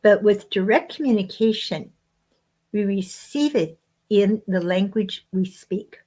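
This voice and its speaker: Slow, measured woman sharing spiritual teaching. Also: medium pitch, a little mellow. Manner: slow, measured phrasing with frequent pauses. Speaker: guest author.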